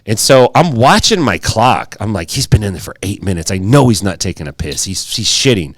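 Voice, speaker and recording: This podcast co-host has a lowish, sing-song voice and talks a little fast on a dry recording. Telling a story in casual conversation, he swears liberally and performs the quoted lines.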